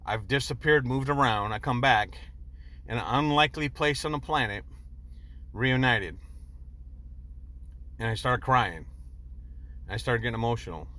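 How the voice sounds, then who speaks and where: Man, 60s, vlogger, bright voice, rambling and earnest, preachy storytelling. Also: mid-range voice, unhurried, long pauses. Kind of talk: personal storytelling monologue.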